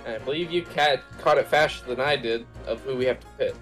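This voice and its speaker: A man co-playing a video game, chatting casually and quickly reading tips from a guide. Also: medium pitch, a bit bright, soft background music. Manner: quick, helpful, checks the guide. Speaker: co-player. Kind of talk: casual gameplay chat.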